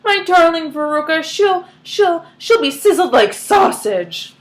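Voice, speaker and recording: A woman reading aloud, voicing a panicky wealthy mother who shrieks and yells. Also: very animated, unhurried, heavily acted. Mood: frantic. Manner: shrill, frantic yelling.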